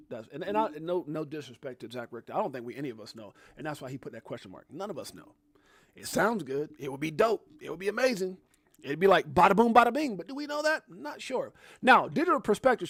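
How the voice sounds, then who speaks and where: A man hosting a casual livestream, talking straight to his viewers in an animated, chatty way. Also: sits high, dry recording, studio quality. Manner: animated, talks directly to viewers with shout-outs. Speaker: livestream host.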